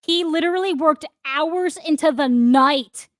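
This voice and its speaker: A woman co-hosting a podcast in casual chat, teasing and quick to laugh. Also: high voice. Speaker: podcast co-host.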